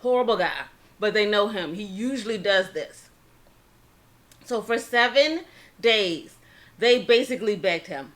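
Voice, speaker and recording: A woman's voice: fairly high pitch, animated, a bit bright. A woman hosting a casual eating-show story time, chatting through a history story and acting out the people's lines. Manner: chatty, acts out quoted dialogue; pauses to spell out words. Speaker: channel host telling a history story.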